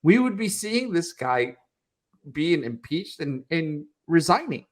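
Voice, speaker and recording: A young man co-hosts a political podcast, and his voice sits a little higher than most men's. He rants with heat and plenty of swearing, piling up clauses as his outrage builds. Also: sing-song, slow. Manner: heated, profane ranting. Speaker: podcast co-host.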